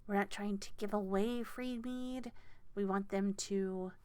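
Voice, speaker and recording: A weary, grumpy mead seller barking rules, played by a woman game master. Gruff and bossy, taking its time. Smooth, clear voice. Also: mid-range voice, fairly even intonation, a little slow, darkish tone, no echo, close to an everyday voice.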